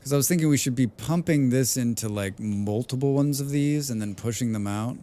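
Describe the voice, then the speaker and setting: Brisk and dark-toned at a medium pitch, this gamer streams live, musing out loud and talking easily with his audience, cursing without restraint.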